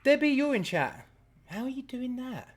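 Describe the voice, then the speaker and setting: A man's voice: very high-pitched, sing-song, normal speed. A man hosting a casual live stream, chatty and laughing as he greets viewers by name. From England. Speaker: host.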